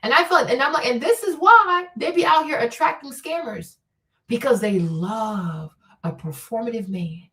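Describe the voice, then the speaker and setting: A woman hosting a livestream, giving blunt, profane, animated commentary on relationships. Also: on the high side, recorded from a distance, poor audio. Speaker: livestream host.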